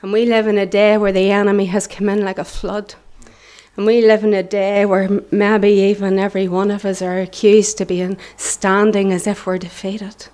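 A woman's voice: mid-range voice, little pitch movement, normal speed, a little mellow, smooth. A middle-aged woman with a Northern Irish accent speaks to a church congregation. Her preaching is earnest and impassioned, and at times she falls to a near whisper. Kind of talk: preaching testimony.

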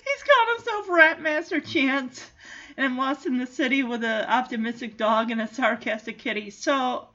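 A woman chatting casually in an amused way as she recaps a movie and does quick character voices. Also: high-pitched, pushed and bright, highs cut off.

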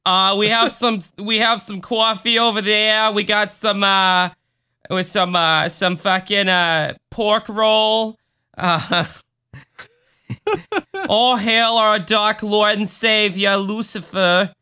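A man's voice: sits high, slow pace, bright, forceful tone, smooth, pitched above the performer's own voice, exaggerated voice. A man putting on a Long Island accent to play a cheery satanic cult greeter, mock-welcoming and bouncy. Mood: mock cheerful.

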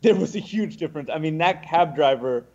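Young man telling a story, slightly high voice. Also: fairly quick, dull audio. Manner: animated, acts out the other people's lines. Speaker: guest. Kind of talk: casual storytelling.

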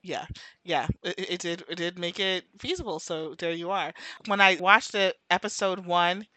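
Female co-host, chatty TV recap, animated asides, bright and punchy tone. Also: fairly low pitch, no room sound. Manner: animated, tangents, quick asides, laughs often. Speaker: podcast co-host. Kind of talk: casual TV recap chat.

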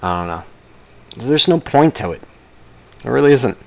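A young man ranting casually about traffic and work, swearing constantly and rambling, now and then mocking others in a higher voice. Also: sing-song, normal speed, gravelly. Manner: profane, rambling, jumps into mocking high-pitched impressions. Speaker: vlogger. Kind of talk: casual rant to camera.

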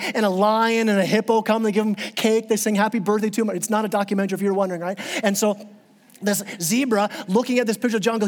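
Impassioned high-voiced male pastor preaching. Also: in a large hall. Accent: Southern American. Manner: impassioned, repeats words in restarts. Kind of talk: sermon.

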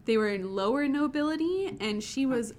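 A woman's voice: high voice, lively intonation, normal speed, a little mellow, a little hiss or hum. A woman co-hosting a podcast, telling a story and reading aloud in an upbeat, casual way. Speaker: podcast co-host.

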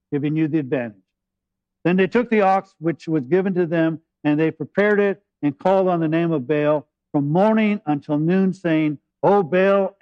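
A male pastor preaching a sermon, retelling scripture in lively, humorous paraphrase. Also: on the high side, dry recording, lo-fi sound.

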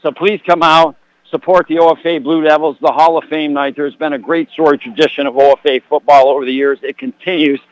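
A man doing live high school football radio commentary from a broadcast booth, folksy and joking. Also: level tone, brisk, dry recording, low-quality recording. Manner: folksy, jokey asides. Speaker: play-by-play announcer. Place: press box broadcast booth. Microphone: broadcast headset.

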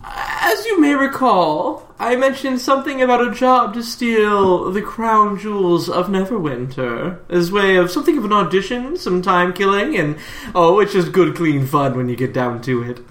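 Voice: mid-range voice, lively intonation, normal speed, hardly any pauses, a bit bright, natural voice. A game master voicing a flamboyant male thieves' guild boss who talks in a suave, theatrical way. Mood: smooth, pleased. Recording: roomy echo.

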